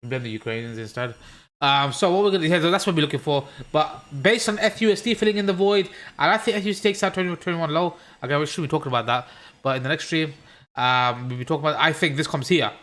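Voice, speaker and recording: Brummie guy, crypto streamer, casual and sweary, slightly high voice, rambling live chart analysis. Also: quick pace, fairly bright tone. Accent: Birmingham. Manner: chatty, joking asides, swears at chat. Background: washing machine noise.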